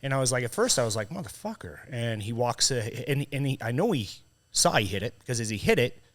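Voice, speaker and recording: A man hosting a podcast, telling a personal story in casual, profane, animated conversation. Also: mid-range voice, quick pace. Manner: profane, animated when retelling a confrontation. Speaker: podcast host.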